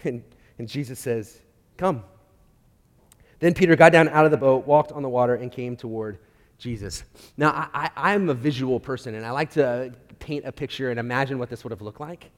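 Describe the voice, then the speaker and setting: A man's voice: medium pitch, moderate pace. Man preaching in a reverberant hall. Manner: animated storytelling, with frequent restarts and swings between loud and quiet. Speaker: pastor. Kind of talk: sermon.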